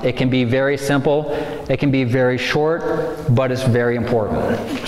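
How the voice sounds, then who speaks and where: A man giving a faith-based lecture on stress, animated and acting out worried inner voices. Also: mid-range voice. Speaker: speaker. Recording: echoey hall, faint ambience.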